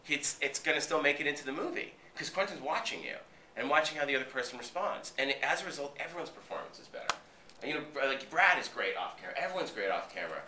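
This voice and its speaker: A lively, bright-voiced man from Boston tells set stories in an interview, swearing freely and acting out other people's lines. The recording is roomy and echoey, with him some way from the mic. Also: medium pitch, a little hiss or hum. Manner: animated, profane, acts out what others said. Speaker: actor being interviewed. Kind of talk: casual interview storytelling. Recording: roomy echo, voice from a distance.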